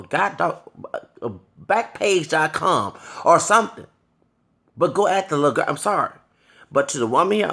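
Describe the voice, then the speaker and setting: Creaky and a bit bright, a man's mid-range voice carries a furious, profane rant aimed at the camera. He's a vlogger in his thirties who interrupts himself now and then to apologize for the cursing.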